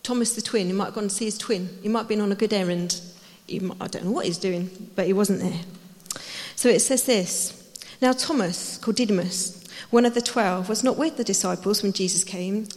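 A woman preaching a sermon, telling the story in a lively way and acting out the voices. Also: mid-range voice, brisk. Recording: hall reverb.

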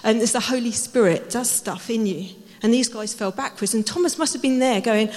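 Woman preacher, higher voice, animated storyteller, long hall echo. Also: a little fast, few pauses. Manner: lively storytelling, acting out voices. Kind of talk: sermon. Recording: hall reverb.

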